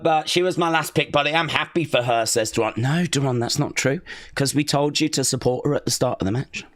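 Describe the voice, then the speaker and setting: A young man hosting a wrestling watch-along live stream, reading chat aloud and cheering loudly. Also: mid-range voice.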